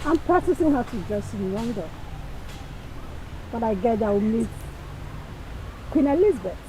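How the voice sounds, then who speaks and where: Woman playing a vain Nigerian girl showing off, high lively voice, faint hiss behind. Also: moderate pace, lightly acted, poor audio. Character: vain young woman dressed up for London. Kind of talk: comedy skit acting.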